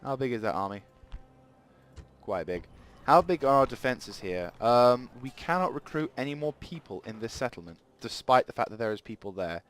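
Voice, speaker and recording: A man's voice: medium pitch, expressive, normal speed, soft background music. A man giving rambling let's play commentary at a desk mic, thinking aloud as he plays. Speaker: gaming channel host.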